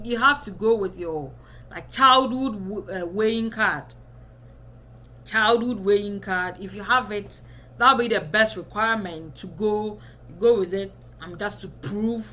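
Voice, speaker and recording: A woman's voice: mid-range voice, a little slow, pushed and bright. A woman in her twenties giving casual advice to camera as a vlogger, chatty and often checking in with the viewer. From Ghana.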